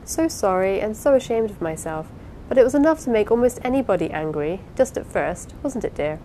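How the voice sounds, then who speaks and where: An impulsive young wife pours out apologies and pleas in a bright, eager rush, as a woman reads her part aloud. Her voice sits in an ordinary middle range. A faint rumble runs under the audiobook recording. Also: lively intonation, brisk, close to an everyday voice, low-quality recording. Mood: pleading. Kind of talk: audiobook character reading.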